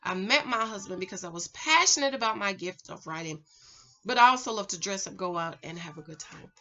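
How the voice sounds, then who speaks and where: Chatty, bright-voiced woman giving dating advice. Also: medium pitch, a little fast. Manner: chatty, preachy, animated, talks straight to the viewer. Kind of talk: casual vlog chat. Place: home.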